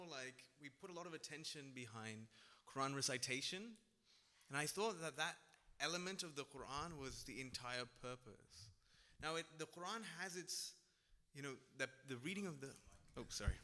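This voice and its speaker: A man's voice: medium pitch, bright, forceful tone. A young man on a religious discussion panel, speaking casually and reflectively, often checking in with "right?". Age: young adult. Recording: long hall reverb.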